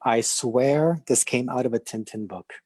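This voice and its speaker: Husky-voiced man who stutters. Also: medium pitch, measured pace, darkish tone, dry recording. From Canada. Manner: stutters, with many fillers and restarts; laughs easily. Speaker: podcast guest, illustrator. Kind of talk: casual conversation.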